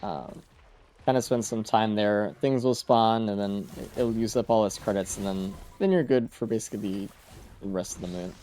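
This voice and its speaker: Laid-back low-voiced game streamer man. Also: moderate pace, dark tone, a little hiss or hum. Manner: laid-back, rambling, trailing off with fillers. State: sleepy, yawning. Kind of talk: casual live-stream commentary while playing.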